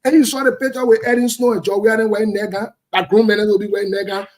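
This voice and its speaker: A man's voice: sits high, level tone, quick pace. A man giving heated, blunt political commentary, repeating his points emphatically.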